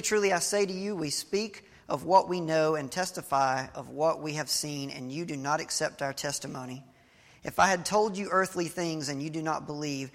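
A man's voice: a little high, a bit bright. A male pastor giving a sermon, reading scripture and telling a story in a conversational preaching manner with small restarts. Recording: long hall reverb.

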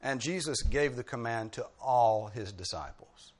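A man's voice: medium pitch, lively intonation, measured pace. A man delivers a teaching sermon in an ordinary mid-range voice. He explains patiently like a teacher, leans hard on key words, and drops wry little asides. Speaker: preacher.

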